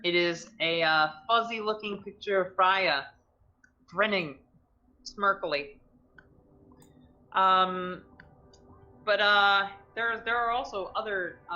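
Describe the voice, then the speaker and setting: A woman running a tabletop game as game master, narrating with many halting ums and restarts. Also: fairly low pitch, bright, forceful tone, highs cut off.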